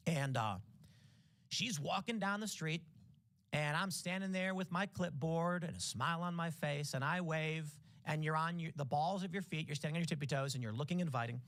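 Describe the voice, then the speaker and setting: A male live-stream host tells a story in a lively, casual way and acts out each person's lines. His voice sits a bit high for a man. The recording is dry and close, with no room echo. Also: normal speed. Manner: animated storyteller who acts out the dialogue in changing voices.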